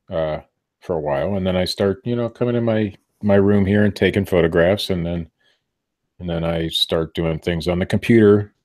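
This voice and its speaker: A man's voice: low-pitched, a little mellow. A middle-aged man co-hosting a podcast from a room at home, chatting casually and rambling, often cutting himself off mid-sentence. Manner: rambling, self-interrupting. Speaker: podcast co-host. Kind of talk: casual chat.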